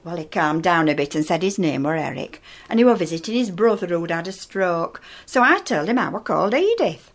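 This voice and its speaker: A woman's voice: on the low side, very animated, fairly quick, hardly any pauses. A woman playing a chatty old northern lady. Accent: Northern English. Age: older. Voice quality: gossipy, matter-of-fact, dry humour. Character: chatty, nosy elderly northern widow-type woman. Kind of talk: comic character monologue.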